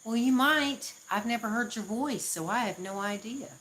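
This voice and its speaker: A woman's voice: fairly high pitch, normal speed, fairly bright tone, poor audio. A woman from the Southern US with a Southern accent, chatting casually on a live stream, laughing often and poking fun at herself. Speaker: livestream host.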